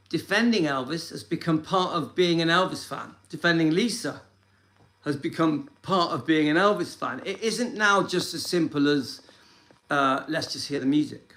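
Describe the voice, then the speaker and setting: A man talks casually and earnestly to camera on his own channel, rambling and reassuring, filmed on a handheld phone. His voice is on the high side and a bit bright, and the audio quality is poor.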